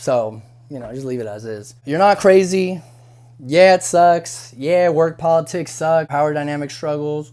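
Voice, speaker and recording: A man's voice: fairly high pitch, moderate pace, mellow. A young man talks straight to the camera in a loose, conversational way. He repeats himself, restarts sentences and leans on fillers, sounding like a busser venting and giving advice after a shift. His tone is frank and unpolished. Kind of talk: casual advice monologue.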